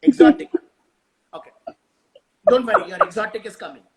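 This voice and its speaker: A man with an Indian English accent telling an improvised funny story on a live stream, animated and slipping Hindi into his English. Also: high-pitched, moderate pace, heavy background noise.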